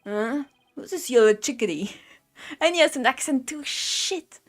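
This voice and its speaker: Giggly young woman, higher voice. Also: lively intonation, a little slow. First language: French. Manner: giggly, swears freely, chatty and playful. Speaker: let's play streamer. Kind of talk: casual gameplay commentary, reading dialogue aloud. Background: faint game music.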